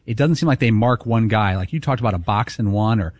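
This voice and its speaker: A man co-hosts a sports talk show in a lowish voice, feeling his way through his points with restarts. The sound is dry and close. His talk is casual and loose. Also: quick pace, a little mellow, no room sound. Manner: hesitant, restarts phrases. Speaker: radio show co-host.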